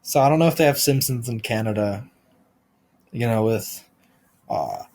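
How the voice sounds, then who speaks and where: A man hosting a podcast, delivering a rambling deadpan comic monologue full of restarts and absurd tangents. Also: medium pitch, normal speed. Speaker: podcast host.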